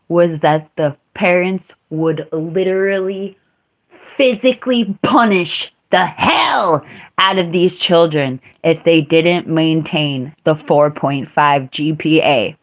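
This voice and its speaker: Female streamer, unhurried, blunt and profane storyteller. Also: fairly low pitch. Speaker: live streamer. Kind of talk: casual storytelling.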